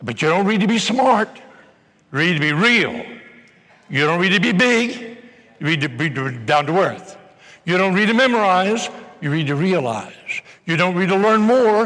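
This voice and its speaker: An older man giving an energetic, joking motivational seminar talk to a live audience in a large hall, bursting into shouts as he tells stories. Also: sits high, moderate pace. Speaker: motivational speaker.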